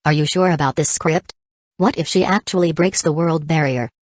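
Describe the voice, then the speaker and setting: A woman's voice: low-pitched, normal speed, no echo, clean studio sound. A woman voicing a cautious young woman agent who questions the plan with concern, in an audiobook reading. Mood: worried. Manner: worried, questioning.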